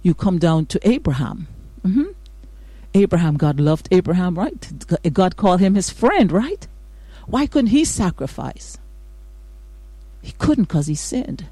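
A woman's voice: lowish voice, big pitch swings, unhurried, long pauses, warm tone, no room sound. A woman hosting a morning devotional radio show, greeting listeners and preaching with exuberant praise and amens. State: out of breath. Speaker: radio host.

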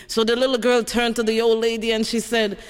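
A man telling a joke as an unhurried storyteller with small restarts. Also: extremely high pitch, monotone, clear, resonant tone, in a large hall.

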